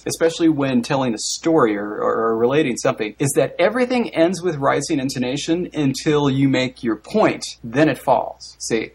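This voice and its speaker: A man with a Southern Californian accent, co-hosting a casual chat, playful and quick to laugh. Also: mid-range voice, slight background noise. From Orange County, California. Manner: playful, laughs often, teasing. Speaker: podcast co-host.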